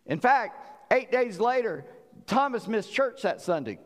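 A man's voice: extremely high pitch, unhurried, in a large hall. A man preaching a sermon, telling stories animatedly as he acts out voices. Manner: animated storytelling, acting out voices. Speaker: pastor.

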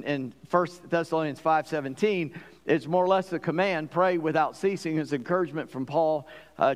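A pastor praying and then preaching a sermon in a conversational way, with many restarts and fillers. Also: male voice, fairly high pitch, long reverb tail. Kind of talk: sermon with prayer.

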